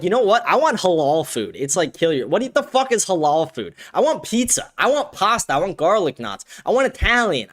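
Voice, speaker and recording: A man hosting his own livestream talks in a loose, rambling, profane flow and laughs often. His voice sits a little high for a man and swings up and down a lot. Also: fairly bright tone. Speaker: livestream host. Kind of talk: casual livestream chat.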